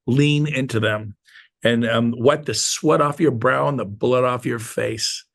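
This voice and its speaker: At a medium pitch with vocal fry, a man motivates his real estate team at a live meeting. He's emphatic and repetitive, deliberately slowing down to drive his points home.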